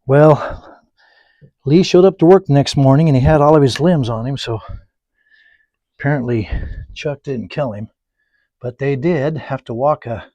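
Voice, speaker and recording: A man teaching oil painting, rambling through folksy anecdotes and muttering softly to himself while he paints. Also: medium pitch, no echo, lo-fi sound. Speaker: painting instructor. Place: painting studio.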